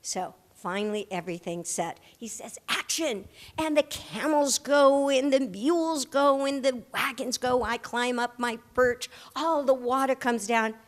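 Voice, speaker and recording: An older woman, an actress, telling lively anecdotes as the guest in a live stage interview, acting out the people she quotes. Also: on the high side, moderate pace, hardly any pauses, big-room sound. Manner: animated anecdote-teller who acts out the people she quotes. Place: large hall at a live audience event.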